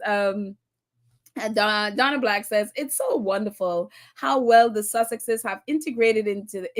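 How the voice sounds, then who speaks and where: A woman hosting a casual commentary show, reading viewer comments aloud and laughing often as she talks. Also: a little high. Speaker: commentary channel host.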